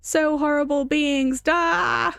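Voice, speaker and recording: Woman voicing a homunculus creature, frightened, in pain, broken halting speech, raised pitch, dry sound. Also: fairly even intonation, creaky, fairly bright tone, no echo, exaggerated voice. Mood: hurt, angry. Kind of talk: reading game dialogue aloud.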